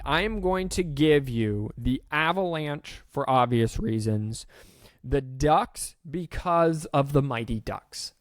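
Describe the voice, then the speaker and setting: A man hosting a sports podcast, rattling off scores quickly with joking, self-aware asides. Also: medium pitch, dry recording. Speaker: podcast host. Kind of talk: casual sports recap.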